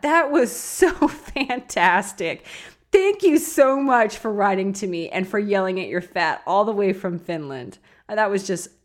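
A woman hosting a casual solo podcast, playful and giggly. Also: fairly low pitch. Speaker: podcast host.

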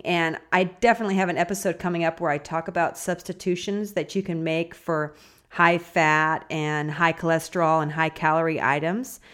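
A woman's voice: fairly low pitch, fairly bright tone. A woman hosting a casual solo podcast, playful and giggly. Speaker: podcast host.

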